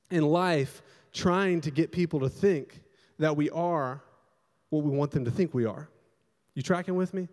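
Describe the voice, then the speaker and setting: A young man preaches a sermon, his voice sitting a little high for a man. He tells stories with energy, jumping up loud and then dropping to a hushed tone. The sound carries a long reverb from a large hall. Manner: animated storytelling, swings from loud to hushed. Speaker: pastor. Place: church hall.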